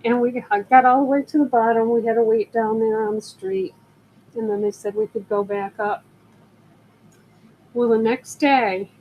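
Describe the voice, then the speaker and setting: An older woman talks slowly and casually on her live selling stream, her voice sitting a bit high. She rambles through stories between greeting viewers. A faint background noise runs under the recording. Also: darkish tone, poor audio. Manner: chatty, rambling storyteller who greets viewers. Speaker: live-stream jewelry seller.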